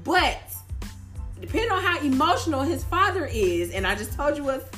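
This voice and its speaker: A woman's voice: sits high, sing-song, moderate pace, fairly bright tone, soft background music. A woman co-hosting a casual chat, frank and advice-giving. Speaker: podcast co-host.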